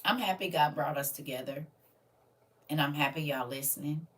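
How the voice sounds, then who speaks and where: A woman's voice: sits low, moderate pace, fairly bright tone, far from the mic. A woman, hosting a casual livestream and talking earnestly to her viewers as family. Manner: earnest, preachy, addresses listeners as family. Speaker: livestream host.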